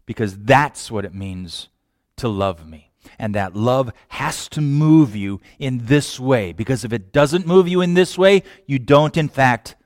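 A man's voice: mid-range voice, dry recording. Impassioned male preacher, dry sound. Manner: impassioned preaching, swings from hushed to loud. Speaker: pastor. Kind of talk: sermon.

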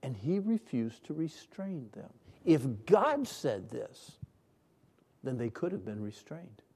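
A middle-aged man preaching a sermon, leading call-and-response and swinging between hushed and loud lines. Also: mid-range voice, big pitch swings, slow pace, breathy edge. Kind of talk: sermon to a congregation. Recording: long hall reverb.

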